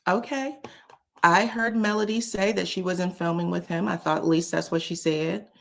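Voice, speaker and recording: A woman hosting a casual commentary show. She talks in a sassy, animated way, often says "child", chuckles, and uses "um". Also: fairly low pitch, normal speed, vocal fry. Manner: frequent chuckles and filler "um". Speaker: host of a reality TV commentary channel.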